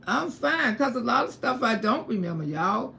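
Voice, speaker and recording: Gravelly high-voiced woman testifying. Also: animated, normal speed, fairly bright tone, slight background noise. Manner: emphatic, repetitive storytelling. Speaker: livestream host. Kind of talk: emotional religious testimony.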